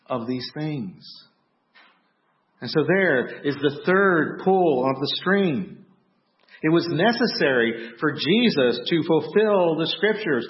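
A man preaching a sermon, telling the story with animation and acting out startled shouts. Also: on the high side, dull audio. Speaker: pastor.

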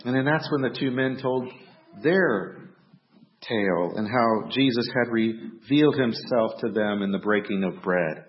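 A man preaching a sermon, telling the story with animation and acting out startled shouts. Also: medium pitch, a little slow, dull audio. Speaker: pastor.

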